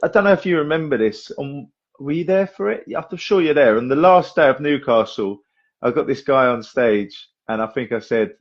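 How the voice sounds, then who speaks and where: A man's voice: mid-range voice, moderate pace, lo-fi sound. A man hosting a podcast, telling stories casually, with a lot of swearing. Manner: chatty storyteller, lively, swears, acts out voices. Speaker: podcast host and magician. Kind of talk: casual chat.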